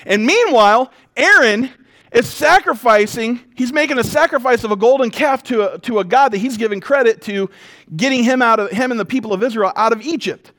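A man preaching a sermon as a pastor, animated and emphatic, moving between loud declarations, quiet intensity and humorous storytelling. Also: very high-pitched, a little fast. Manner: conversational storytelling with self-deprecating humor.

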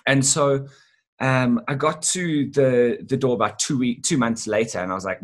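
A man as an interview guest, telling a sales story in a lively, animated way with casual swearing. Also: mid-range voice, moderate pace. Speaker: guest, sales business owner.

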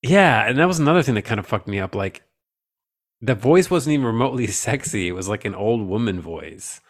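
A man's voice: lowish voice, animated, a little fast. A man co-hosting a casual, profane movie-review chat, rambling and joking crudely. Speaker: podcast co-host.

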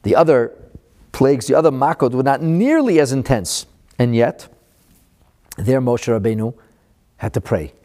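A man giving a Torah lesson, animated, slowing down to stress the Hebrew verses he quotes. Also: medium pitch. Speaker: Torah teacher.

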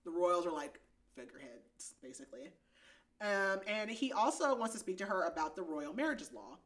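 A woman's voice: fairly low pitch, sing-song, moderate pace. Chatty woman recapping a book. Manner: chatty, giggly, lots of "like". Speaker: podcast host. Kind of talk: casual book recap chat.

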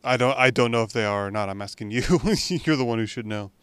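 Smooth-voiced young man chatting casually. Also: mid-range voice, fast, fairly bright tone, no room sound. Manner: chatty, rambling, with frequent restarts. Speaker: podcast co-host. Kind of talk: casual chat.

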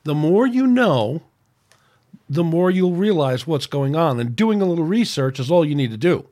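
A man's voice: fairly high pitch, big pitch swings, normal speed, dark tone. A man hosting his own podcast, venting angrily in a rambling, off-the-cuff rant with frequent restarts. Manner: angry, ranting, rambling with restarts. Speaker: podcast host.

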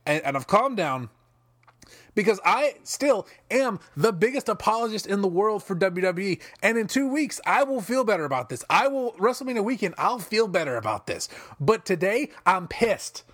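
A man rants in exasperated, animated commentary, his voice sitting high and swinging all over. He swears freely and trips over his own restarts. The sound is dry and close. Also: moderate pace, no room sound. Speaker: wrestling podcast commentator. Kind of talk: ranting commentary.

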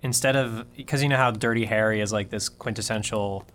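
A man's voice: lowish voice, steady tone, fairly quick, a bit bright, slight background noise. A man co-hosting a casual comedy podcast, rambling through improvised bits and laughing often. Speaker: podcast co-host.

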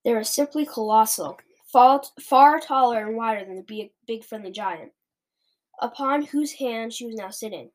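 A woman narrating a children's book aloud with expressive storytelling. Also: on the high side, normal speed.

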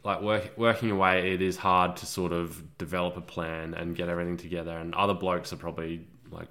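A man's voice: low-pitched, little pitch movement, a little fast, hardly any pauses, pushed and bright. A young man co-hosting a podcast, chatting casually and rambling with laid-back, trailing sentences. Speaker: podcast co-host. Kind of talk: casual chat.

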